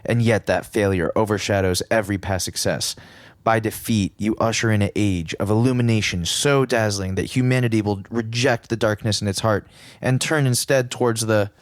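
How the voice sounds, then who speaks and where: A man's voice: lowish voice, fairly even intonation, moderate pace, dry recording. A man co-hosting a comics podcast who chats casually and reads passages aloud. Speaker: podcast co-host. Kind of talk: casual chat.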